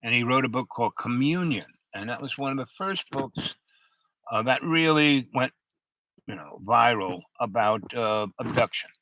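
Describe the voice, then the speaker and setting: An older man hosts his own talk show, delivering a rambling monologue in a halting way, full of fillers and restarts, and he stutters under strain. An old throat injury gives his mid-range voice an unusual sound, bright and forceful with lively intonation. The recording is rough but has no echo.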